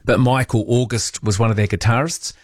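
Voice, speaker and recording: A man's voice: mid-range voice, fairly even intonation, a little fast, no echo. A man hosting overnight talk radio from a studio, chatty and rambling as he reads out listener messages. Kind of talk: casual late-night radio chat. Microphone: studio microphone.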